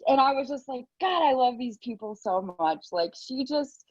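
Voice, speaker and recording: A bubbly woman with a fairly high voice gushes warmly and laughs easily. The call audio is dull and very dry. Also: lively intonation, normal speed, dry recording. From Cleveland area. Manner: bubbly, gushing, laughing often. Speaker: group call participant. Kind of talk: casual heartfelt tribute. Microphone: video call.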